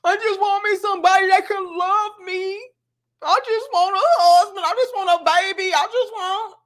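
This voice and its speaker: A woman's voice: very high-pitched, steady tone, moderate pace, pitched above the performer's own voice. A woman mocking a whiny lonely woman. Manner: whining, pleading. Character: whiny lonely woman wanting husband, mocked.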